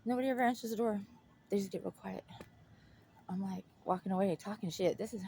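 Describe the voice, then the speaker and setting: A woman's voice: medium pitch, fairly quick, vocal fry, dark tone, a little hiss or hum. A young woman telling a personal story in casual chat, blunt and full of swearing, laughing often.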